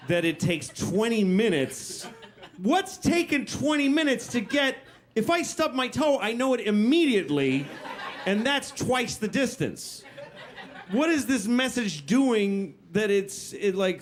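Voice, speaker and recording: A man in his forties doing a stand-up set on a club stage, deadpan and exasperated, trading jabs with a heckler as the audience laughs. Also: high voice, unhurried. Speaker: stand-up comedian.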